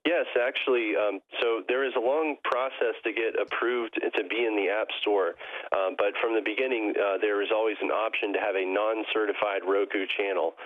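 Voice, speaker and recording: A male caller on a radio show comes through a thin, phone-like line with a dry sound. His voice is fairly low, and he speaks hesitantly, padding his answers with ums and uhs. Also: fairly even intonation, moderate pace, no room sound. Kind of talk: phone-in interview.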